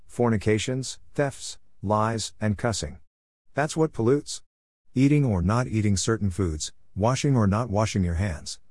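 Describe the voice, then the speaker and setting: A man's voice: lowish voice, a little mellow, dry recording, studio quality, natural voice. A man reading the words of a stern, plain-spoken male teacher during a scripture reading, with his voice a little raised. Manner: blunt, plain-spoken rebukes.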